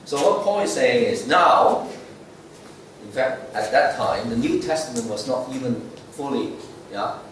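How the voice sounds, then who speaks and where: A man's voice: medium pitch, sing-song, unhurried, a bit bright, a little hiss or hum. A man giving a sermon as lay preacher, conversational, checking in with "okay?" and "right?". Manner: conversational, frequent "okay?" and "right?" tag questions. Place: church sanctuary. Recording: echoey church, mic far off.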